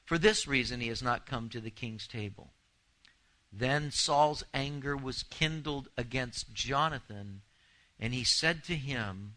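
Male pastor, bright forceful voice, animated sermon delivery with restarts and repeats. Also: medium pitch, measured pace, rough recording. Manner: animated, repeats words when thinking aloud. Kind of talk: expository sermon.

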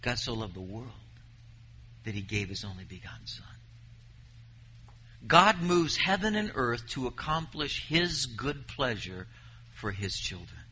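A man's voice: medium pitch, sing-song, measured pace, long pauses, bright, forceful tone, muffled recording, slight background noise. A man preaching a sermon, reading scripture aloud and pressing his points with emphasis.

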